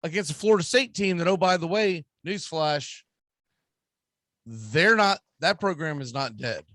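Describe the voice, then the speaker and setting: A man's voice: a little high, lively intonation, measured pace, fairly bright tone, dry recording. A man with a Southern US accent, hosting a sports radio show and ranting emphatically about football. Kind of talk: casual sports talk.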